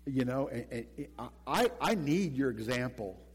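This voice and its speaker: A man preaching a sermon as pastor, animated, acting out little quotes and often repeating words as he goes. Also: mid-range voice, a little slow, slightly rough, big-room sound, low-quality recording.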